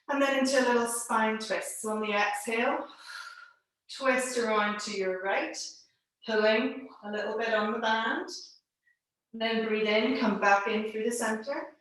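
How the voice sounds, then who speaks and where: A woman teaching a live online pilates class from home over a video call, calmly giving cues and counting down holds, a little out of breath. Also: a little high. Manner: calm instructing, counting holds aloud. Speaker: pilates instructor. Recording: echoey room, distant mic.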